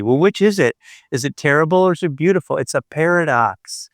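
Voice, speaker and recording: A middle-aged man and podcast host telling a personal story in a gentle, unhurried way, with thoughtful pauses. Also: fairly high pitch, animated, no echo, clean studio sound, soft background music.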